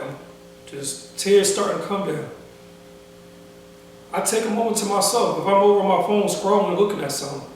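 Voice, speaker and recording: A young man telling a personal story in a casual vlog, speaking slowly and emotionally with many pauses, restarts and casual slang. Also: high-pitched, a little hiss or hum. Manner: casual slang-filled speech. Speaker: vlogger. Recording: roomy echo, voice from a distance.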